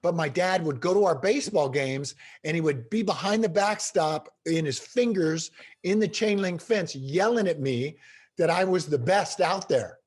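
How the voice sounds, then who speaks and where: A middle-aged man telling stories as an interview guest, animated and emphatic. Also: a little high, normal speed, husky. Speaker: guest speaker. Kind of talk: storytelling in a podcast interview.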